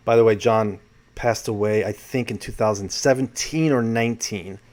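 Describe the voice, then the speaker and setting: A man's voice: fairly low pitch, normal speed, darkish tone. A man from New York hosting his own channel, reading a panel transcript aloud with dry, wry asides. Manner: wry asides, reads out quotes. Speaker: host.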